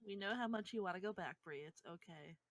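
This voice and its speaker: A woman's voice: medium pitch, a little fast, no echo. A woman runs a tabletop game, narrating scenes and speaking for the bartender. She hesitates often and fills gaps with "uh." Her voice sounds dry and close. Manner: hesitant, filler-heavy narration. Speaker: game master.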